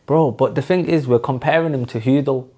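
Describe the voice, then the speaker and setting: A man's voice: medium pitch, a little fast, dark tone. A man co-hosting a football podcast, insistently defending his picks. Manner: insistent, calls everyone bro. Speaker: podcast co-host. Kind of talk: casual argumentative banter.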